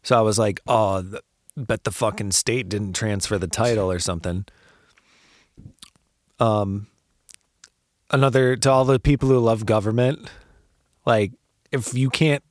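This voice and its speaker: A man's voice: medium pitch, measured pace, long pauses, no echo, clean studio sound. A man hosting a podcast, telling a story casually with lots of swearing and laughter, acting out the people in it. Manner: profane, laughs often, acts out quotes. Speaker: podcast host.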